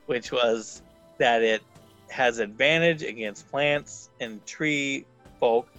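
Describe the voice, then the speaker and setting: A man's voice: mid-range voice, slow, fairly bright tone, lo-fi sound, soft background music. Chatty male tabletop game player. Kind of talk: playing a character in a tabletop game.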